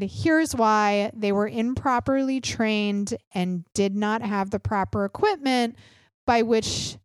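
Her medium-pitched voice is clear and resonant, captured in a dry, clean studio recording. A political podcast host in her thirties, she delivers an opinionated rant that is sarcastic, blunt and full of swearing.

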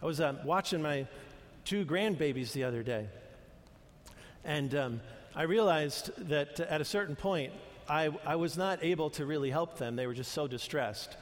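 A man's voice: a little high, moderate pace. An older man preaching a sermon in an earnest, conversational way, restarting phrases as he goes. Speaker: pastor. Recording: long reverb of a large hall.

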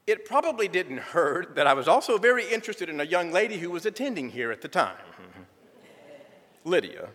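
Lively man giving church testimony. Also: sits high, fairly quick. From southern United States. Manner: folksy storytelling with gentle humor. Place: church sanctuary. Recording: reverberant church sanctuary.

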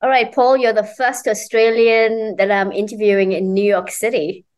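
A woman's voice: medium pitch, little pitch movement, normal speed. A woman interviewing a guest in a friendly, upbeat way. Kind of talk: casual interview.

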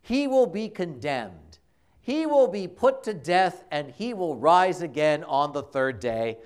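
Animated, unhurried male homilist. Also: on the high side. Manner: conversational, dramatic storytelling with emphatic repetition. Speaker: priest preaching a homily. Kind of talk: sermon. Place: church. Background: congregation.

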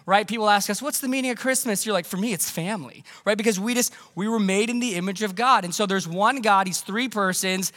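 Pastor, male, middle-aged; high, bright tone; casual but emphatic preaching; long church echo. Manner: conversational, emphatic, asks the congregation questions. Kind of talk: Christmas sermon. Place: church sanctuary.

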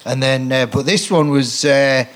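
A man telling a rambling, animated showbiz anecdote as a comedy guest on stage at a podcast recording. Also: medium pitch, measured pace. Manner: rambling, animated storytelling with restarts and laughs.

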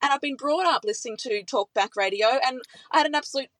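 Enthusiastic woman, high voice. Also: fast talker, a bit bright, dry recording, low-quality recording. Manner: enthusiastic, emotional. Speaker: radio presenter. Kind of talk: conversational interview.

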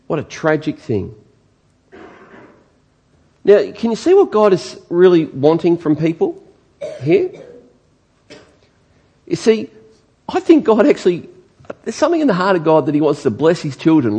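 A man's voice: on the high side, husky. A male preacher giving a sermon, questioning his listeners and repeating words as he builds. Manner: lively, asks the congregation questions, stammers on repeats.

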